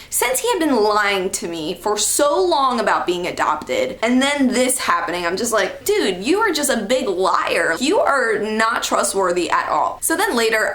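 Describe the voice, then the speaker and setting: A woman's voice: a little high, echoey room. A young woman telling a personal story to camera in a casual, chatty way, full of "like" and "okay". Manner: chatty, animated, heavy use of "like" and "okay". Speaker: storytime vlogger.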